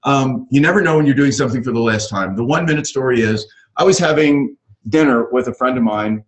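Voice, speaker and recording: A man's voice: medium pitch, fast, low-quality recording. Middle-aged male coach, upbeat rambling webinar host, filler-heavy delivery. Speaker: real estate coach hosting a webinar. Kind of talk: casual webinar talk. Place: ranch.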